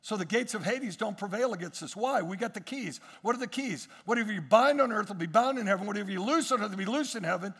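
A male pastor preaching a sermon, swinging between quiet asides and emphatic rises, with frequent repetitions and restarts. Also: sits high, quick pace, hardly any pauses, husky, big-room sound.

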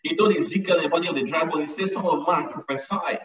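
A man's voice: a little high, fast talker, fairly bright tone. A man preaching a sermon with emphasis, often repeating his lines to drive them home. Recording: echoey, distant, dull sound.

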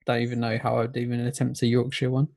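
A man's voice: mid-range voice, monotone, fast, gravelly, darkish tone. A man appearing as a polite, modest guest on a casual podcast over a video call. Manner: polite, modest, good-humoured.

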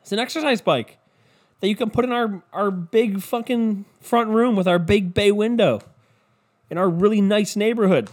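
A clueless husband with a raised, sing-song voice, as a podcaster mimics him, sweetly offering a gift. The voice is pitched well above normal and sounds pleased with itself. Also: male voice, normal speed. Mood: smug. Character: clueless husband proudly gifting exercise bike.

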